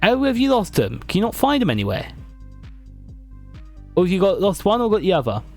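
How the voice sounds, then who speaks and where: A man's voice: high voice, huge pitch swings, a little fast, a little mellow, faint music behind. A British man streaming live, chatting and joking with his viewers as he ranks favourites on a tier list. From Britain. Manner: chatty, jokey, reads and answers chat.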